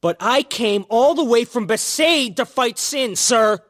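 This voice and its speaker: A woman's voice: on the high side, animated, measured pace. An actress playing an impatient young male cadet who pleads insistently to fight in a game. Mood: pleading.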